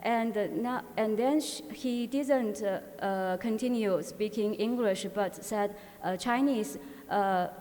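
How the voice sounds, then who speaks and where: Woman, conference presenter, mid-pitched, halting delivery full of fillers, long hall reverb. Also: a little mellow. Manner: halting, frequent filler pauses and restarts. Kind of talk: academic conference talk.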